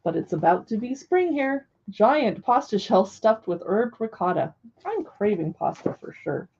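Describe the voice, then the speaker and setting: A woman's voice: mid-range voice, animated, unhurried, a little mellow, highs cut off, slight background noise. A young woman hosting a casual live stream from home, chatting and reading recipe titles aloud to viewers. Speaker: live stream host reviewing cookbooks.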